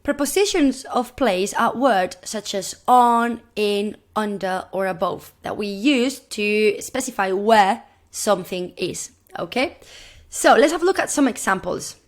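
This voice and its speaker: Woman, primary language teacher; encouraging, repeats phrases slowly for pupils to echo. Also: mid-range voice, animated. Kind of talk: recorded classroom video lesson.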